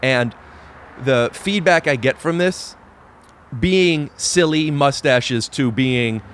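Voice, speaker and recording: A man's voice: mid-range voice, slow, fairly bright tone, a little hiss or hum. Earnest man chatting on a balcony. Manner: earnest, rambling with restarts. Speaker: podcast host. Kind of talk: casual chat. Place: outdoors on a balcony.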